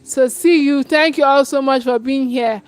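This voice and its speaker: A woman, a parenting coach giving an urgent, repetitive live webinar sales pitch and often restarting her phrases. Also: normal speed.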